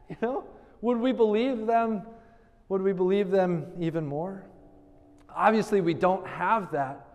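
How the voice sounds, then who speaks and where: A man preaching a sermon as pastor, animated, acting out the voices he quotes. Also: very high-pitched. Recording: long hall reverb.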